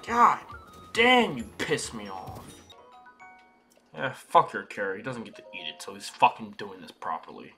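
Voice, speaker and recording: Young male gamer, lively and bright-toned, slow swearing rants, faint game music under him. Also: on the low side. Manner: swearing, exasperated ranting at the game. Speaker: gaming YouTuber. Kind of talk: casual let's-play commentary.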